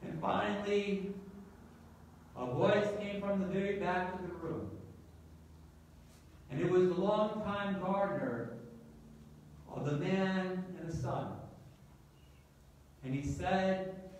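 Priest, man, sermon story, high voice, slow, distant mic, big church echo, faint noise. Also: darkish tone. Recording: echoey church from far off.

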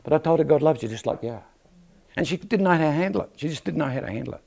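A man's voice: fairly high pitch, lively intonation, very fast, creaky, a little mellow. A man preaching a sermon in a church, telling stories and asking the crowd for an amen. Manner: storytelling with rhetorical questions and calls for amen.

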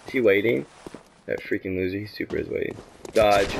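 A young man commentating his gameplay, exasperated and talking back to the game, swinging from mutters to shouts. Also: on the low side, expressive, moderate pace, gravelly, a little hiss or hum. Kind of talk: let's play commentary.

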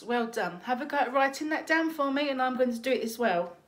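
A woman teacher leading a phonics lesson for young children, slowly sounding out letters and praising them. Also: high-pitched, expressive. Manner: slow, encouraging, sounds out letters.

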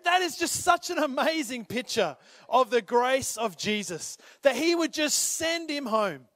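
A man preaching a sermon as pastor, swinging between urgent, rising calls and quiet appeals, sometimes acting out the people in the story. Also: extremely high pitch, lively intonation, a little slow, no room sound, clean studio sound. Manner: impassioned, rises to urgent calls then drops to quiet; acts out voices when retelling scripture.

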